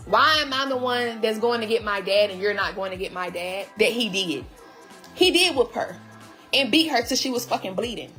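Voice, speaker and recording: Speaking with a forceful, bright tone in a fairly high voice, a woman vlogger tells viewers about her relationship. She's heated, frank, and foul-mouthed, chatting to her audience as though face to face.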